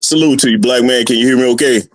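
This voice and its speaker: A male caller on a livestream lectures the room in a deliberate, steady way. His voice sits at an ordinary pitch for a man. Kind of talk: casual lecturing rant.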